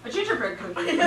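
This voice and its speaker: A woman improvising a silly story, rambling and playful and often giggling, recorded from a distance in a roomy, noisy space. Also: very high-pitched.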